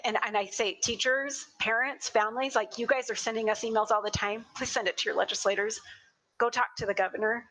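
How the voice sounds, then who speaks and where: Emotional, earnest woman, bright voice. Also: a little high, low-quality recording. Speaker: school board president. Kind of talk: virtual board meeting remarks. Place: home. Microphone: video call.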